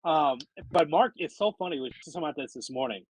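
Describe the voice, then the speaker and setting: A man's voice: on the high side, animated, fast, breathy edge, dry recording, rough recording. A man co-hosting a sports podcast, ranting animatedly and acting out mock quotes. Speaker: sports radio co-host. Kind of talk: casual sports podcast banter.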